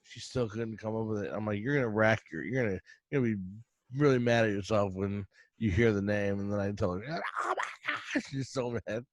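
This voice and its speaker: A man's voice: fairly low pitch, no room sound. Middle-aged male podcast host, casual rambling storyteller, dry close sound. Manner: rambling storyteller, quick bursts, laughs often. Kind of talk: casual chat.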